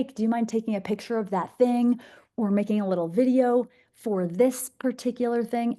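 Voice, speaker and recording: A woman's voice: fairly low pitch, warm tone. A young woman presenting a masterclass, bubbly, enthusiastic and conversational. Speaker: social media speaker.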